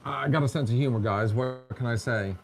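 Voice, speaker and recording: A man's voice: mid-range voice, fairly quick, gravelly, faint music behind. A man hosting a casual podcast, telling stories in a chatty, joking way and mimicking other people in quotes. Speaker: podcast host. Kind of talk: casual storytelling chat.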